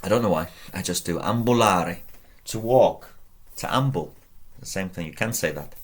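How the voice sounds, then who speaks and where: Speaking at a normal speed in a low, husky voice, a man runs a Latin lesson from a whiteboard. He patiently drills verb endings aloud, raising his emphasis, and encourages the viewers he talks to directly.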